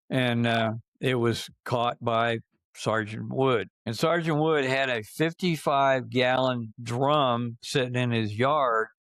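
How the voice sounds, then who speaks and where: A man's voice: mid-range voice, a bit bright, clear, resonant tone, no echo. An older man from Georgia telling casual stories on a podcast, rambling and restarting phrases as he goes. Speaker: podcast guest storyteller. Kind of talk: casual storytelling.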